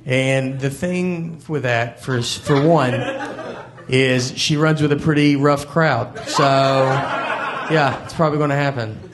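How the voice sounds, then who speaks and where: A man's voice: medium pitch, takes it slowly, background noise. A man doing stand-up comedy with a wry, matter-of-fact delivery. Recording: comedy club with crowd laughter. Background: audience laughter.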